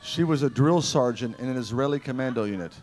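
A middle-aged man preaching at a revival service, telling personal stories in an animated way that swings from loud, ringing lines to hushed ones. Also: medium pitch, fast talker, crowd noise.

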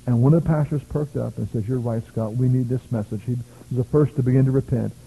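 A man's voice: medium pitch, steady tone, fast talker, creaky, breathy edge. A man from the United States preaching a revival sermon, telling stories with bursts of praise. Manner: emphatic, storytelling, shouts of praise. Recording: tinny lo-fi phone-like audio.

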